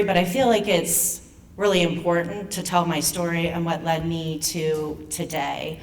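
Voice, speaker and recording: A woman in her forties, a foundation president, nervously and emotionally telling her own patient story at an event, with halting restarts. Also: fairly low pitch, fairly even intonation, far from the mic, slight background noise. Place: event hall.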